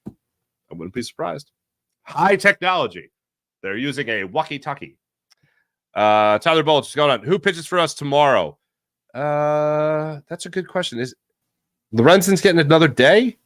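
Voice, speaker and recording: A man with a slightly high voice hosts a postgame baseball show, reading his live chat and talking sports casually at a moderate pace with long pauses. He's animated and emphatic, repeating himself for effect. The sound is clean studio audio with no echo.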